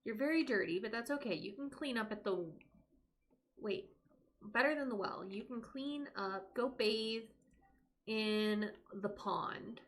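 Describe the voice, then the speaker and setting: A young woman plays a life-sim game on a live stream, speaking at a measured pace in a slightly high voice. She offers casual gameplay commentary, addressing her characters as well as her audience.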